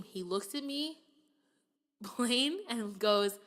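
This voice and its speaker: Brief: young woman, teacher, podcast co-host, lively storyteller, voice on the higher side. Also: extremely slow, pauses often. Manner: animated storytelling, quoting herself in a raised voice, laughing often. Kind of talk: casual podcast chat.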